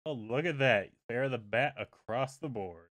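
A man's voice: mid-range voice, measured pace, a bit bright, no room sound. A man hosting a casual podcast chat, joking easily with his co-hosts. His voice sits in a middle register and is captured on a close mic with a dry, dead sound. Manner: joking, wraps up plainly. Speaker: podcast host.

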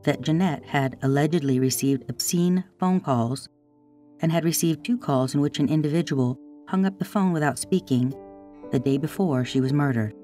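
A podcast host reading a scripted true-crime narration in a measured, deliberate way. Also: medium pitch, dark tone. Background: faint guitar music.

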